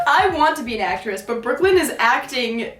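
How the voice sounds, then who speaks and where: A woman's voice: high-pitched, big pitch swings, normal speed, a bit bright. A young woman of about twenty chatting casually and giggling as she rambles through a story. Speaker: vlogger. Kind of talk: casual chat. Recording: roomy, from some distance off the mic.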